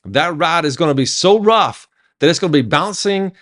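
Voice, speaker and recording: A man's voice: fairly high pitch, lively intonation, normal speed, a bit bright. A man preaching a devotional sermon in an emphatic, storytelling manner.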